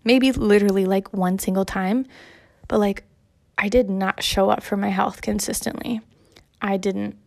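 A woman's voice: mid-range voice, level tone, a little slow, vocal fry. A young woman and mother talking casually and encouragingly, a little out of breath as she folds laundry. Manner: chatty, encouraging, lots of fillers. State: slightly out of breath while folding laundry. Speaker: mother sharing self-care advice. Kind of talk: casual monologue.

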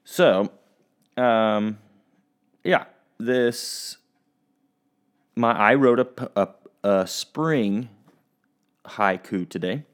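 A man's voice: on the low side, very slow, pauses often. A young man teaching children a recorded lesson, friendly and rambling, with restarts and fillers. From Oregon, US.

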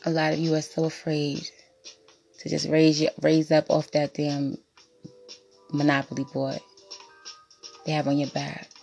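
A woman holds forth on her podcast in a lowish voice. She is blunt and profane, and she hammers her points home by repeating phrases. Faint music plays underneath. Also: completely flat delivery, a little slow, gravelly, pauses often, darkish tone. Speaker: podcast host. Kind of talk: impassioned monologue.

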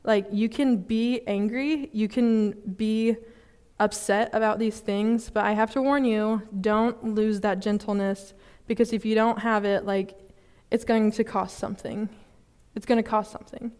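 A young woman giving a sermon at a student fellowship, casual and chatty, with many fillers and quick laughs at herself. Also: a little high, steady tone, a little mellow, clear, resonant tone. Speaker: student ministry speaker. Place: church service hall.

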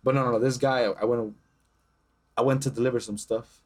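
A man's voice: medium pitch, brisk. A young man co-hosting a podcast, telling casual, profane stories and acting out the voices of the people in them. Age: young adult. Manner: profane, animated storytelling with acted-out quotes. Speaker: podcast co-host. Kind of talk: casual chat.

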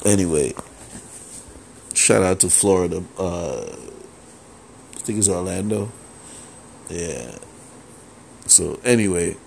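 A man hosting a solo podcast, talking casually, animated and profane, with lots of filler phrases. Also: deep voice, gravelly, a little hiss or hum. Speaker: podcast host.

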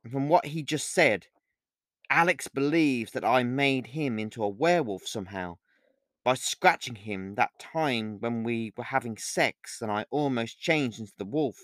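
A man reads his own novel aloud in a steady, earnest first-person narration. His voice sits in a middle pitch, and the recording is dry and close with no room sound. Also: a little slow, no room sound. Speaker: author reading his novel.

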